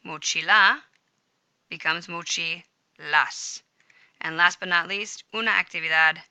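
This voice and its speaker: A woman teacher with a fairly low, sharp yet clean voice speaks unhurriedly in a screen-recorded Spanish grammar lesson, walking students through notes on screen. The audio is poor but has no echo, recorded in a home room with a smart speaker. Upbeat and chatty, she catches and fixes her own slips.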